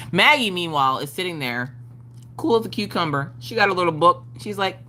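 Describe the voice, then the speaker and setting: Animated mom on a craft stream, bright voice, swings up and down a lot, cussing, faint hum behind her. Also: lowish voice, fairly quick. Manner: animated, exaggerated, swears freely; acts out family members' voices. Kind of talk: casual storytelling to a live chat.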